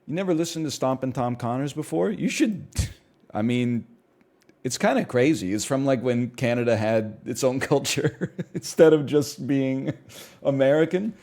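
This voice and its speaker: A man at a mid pitch riffs casually on a livestream. He is animated and irreverent, with frequent swearing. He fires off rapid asides and restarts. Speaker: streamer.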